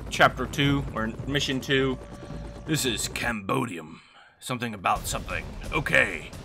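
A man hosting a let's play, excitedly commenting on the action and muttering to himself between outbursts. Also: medium pitch, vocal fry. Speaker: gaming video host. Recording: game music and gunfire behind.

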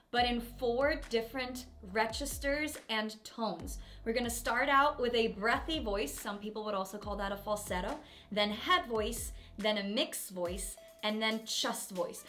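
A woman's voice: fairly high pitch, pushed and bright. A woman who is a vocal coach, giving an upbeat and encouraging singing lesson.

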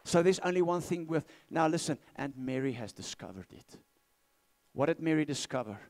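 A pastor delivering an emphatic sermon in a church. His voice sits a little higher than most men's. He repeats lines and calls the congregation to answer back. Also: expressive, moderate pace, darkish tone. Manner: emphatic, repeats key phrases, asks the congregation to respond.

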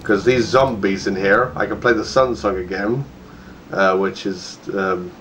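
A man giving casual, playful let's-play commentary, chatty and quick to laugh. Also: on the low side, a bit bright, slight background noise, low-quality recording. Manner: chatty, playful, laughs often and puts on silly voices.

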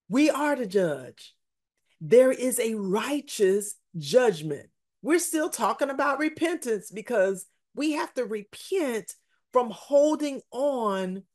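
Brief: woman preacher, slow deliberate delivery, emphatic, repeats lines for weight. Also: on the high side. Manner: emphatic, repeats key phrases, numbered points. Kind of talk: sermon.

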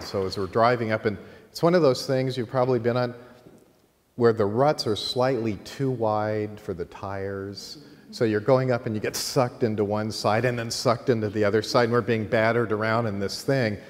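A middle-aged man teaching a course, telling a long lively anecdote to a class and laughing at his own story. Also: on the low side. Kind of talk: storytelling in a lecture. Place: college teaching room. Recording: long hall reverb, faint noise.

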